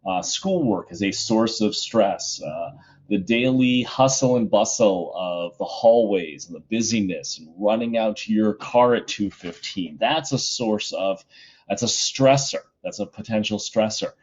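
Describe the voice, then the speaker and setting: Low husky man teaching a class. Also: unhurried, darkish tone, lo-fi sound. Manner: casual, chatty, many fillers. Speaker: high school psychology teacher. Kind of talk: recorded home lesson.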